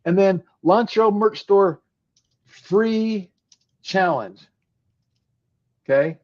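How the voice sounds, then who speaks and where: A man hosting a live webinar, talking casually through a software demo on his screen with frequent restarts. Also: high-pitched, expressive, drawn-out words. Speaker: webinar host. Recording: dull lo-fi webinar audio.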